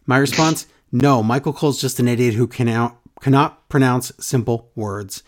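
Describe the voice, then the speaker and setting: This man hosts a casual wrestling podcast, chatting animatedly and cracking jokes as he reads listener emails aloud. His voice sits at a medium pitch and keeps a moderate pace.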